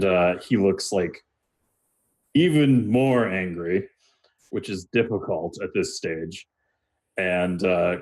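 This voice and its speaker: A man's voice: sits low, a little mellow. A man narrating as game master, loose and full of uhs and likes. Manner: loose, filler-heavy narration.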